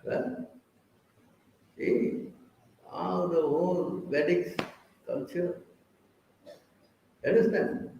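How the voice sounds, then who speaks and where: A man's voice: a little high, drawn-out words, gravelly, pauses often, heavy reverb, distant mic, dull audio, noisy background. A man giving a scripture class, firing questions at his listeners and teasing them when they don't answer. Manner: quizzes and teases listeners. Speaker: preacher.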